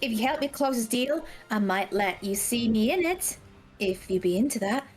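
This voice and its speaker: Brief: bubbly high-voiced woman player, very animated, teasing and foul-mouthed. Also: normal speed, breathy edge. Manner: bubbly, swears freely, teasing. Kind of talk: casual role-play on a live stream.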